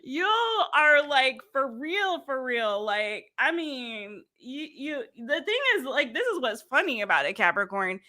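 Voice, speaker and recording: A woman's voice: sits high, expressive, unhurried, few pauses, sharp tone. A woman tarot reader chatting casually and playfully with lots of slang and laughter. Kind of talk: casual tarot reading chat.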